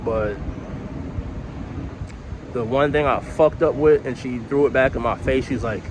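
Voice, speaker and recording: A man's voice: medium pitch, a little slow, long pauses, background noise. A young man telling a personal story in a casual storytime vlog, rambling, candid and profane.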